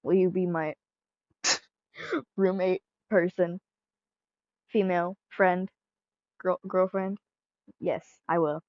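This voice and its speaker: Playful bossy girlfriend, woman doing it, talks slow, dry lo-fi recording. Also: on the low side, steady tone, dry recording. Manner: playful, teasing, demanding. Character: teasing young girlfriend on her period. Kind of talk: fan audio role-play.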